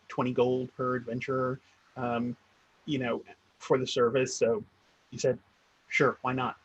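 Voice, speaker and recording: A man's voice: mid-range voice, vocal fry, husky, no echo, dull audio. A man narrating a tabletop game as game master, in a meandering, hesitant way.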